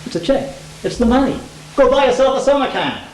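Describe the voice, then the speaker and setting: A man's voice: very high-pitched, lively intonation, a little fast, a little mellow, echoey room. A man playing a blustering, generous older brother. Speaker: stage actor. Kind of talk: amateur stage play. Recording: distant stage sound with faint hiss.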